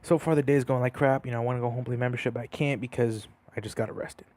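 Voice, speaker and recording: A man's voice: mid-range voice, fairly even intonation, very fast, darkish tone, no echo. A young man casually telling a story over gameplay, rambling with lots of fillers and restarts. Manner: rambling, many fillers and restarts, laughs at himself.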